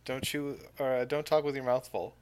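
A man at a middle pitch, hosting and running a tabletop game as dungeon master. His talk is casual and playful, full of light teasing banter with his players. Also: steady tone, normal speed, a little mellow, clean tone.

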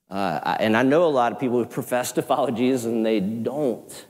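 A man with a Southern accent preaches in a sanctuary at a middling pitch. His talk is animated and conversational, and he pokes fun at himself as he goes. A long reverb trails every phrase. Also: moderate pace. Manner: animated, conversational preaching with self-deprecating asides. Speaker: pastor. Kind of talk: sermon.

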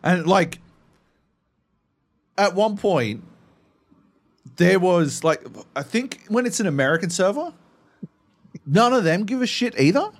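Man with a lively, swearing ramble. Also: high-pitched, takes it slowly, long pauses. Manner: profane, rambling storyteller. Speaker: podcast co-host. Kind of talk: casual chat.

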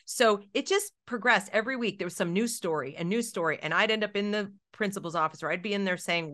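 A woman's voice: mid-range voice, quick pace, hardly any pauses. A middle-aged woman, an education consultant, telling stories in an interview and acting out the voices she quotes. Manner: animated, acts out quoted voices. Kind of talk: storytelling in an interview.

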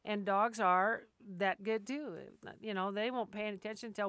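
A woman dog trainer talks through her advice in a casual, plainspoken way, slipping into quick quoted voices for owners and dogs. Her voice is smooth and clear, recorded close and dry with no room sound. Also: medium pitch, fairly even intonation, a bit bright, no room sound. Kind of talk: casual instructional talk.

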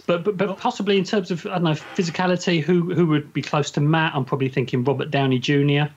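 A man with a somewhat high voice muses hesitantly through a quiz answer in casual chat. The audio is muffled with faint background noise. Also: steady tone, quick pace. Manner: hesitant, musing. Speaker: quiz contestant.

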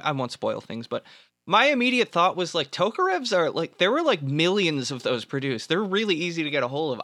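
Bright-voiced man recapping a movie. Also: fairly high pitch, no room sound, clean studio sound. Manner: laughs often, swears, summarizes the plot. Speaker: podcast co-host. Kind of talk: casual movie review chat.

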